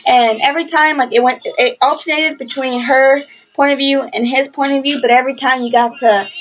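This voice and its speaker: A woman's voice: high voice, steady tone, fairly quick. Gushing young woman on lo-fi audio. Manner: gushing, rambling, lots of fillers; passionate, swears casually. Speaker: book reviewer. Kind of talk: casual book review vlog. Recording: lo-fi webcam audio.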